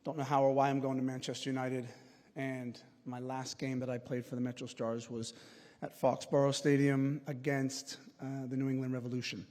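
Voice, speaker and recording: A man's voice: medium pitch, level tone, moderate pace, a little mellow. A man in his forties from the United States giving an earnest acceptance speech at an induction ceremony, with frequent fillers and restarts. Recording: long reverb of a large hall.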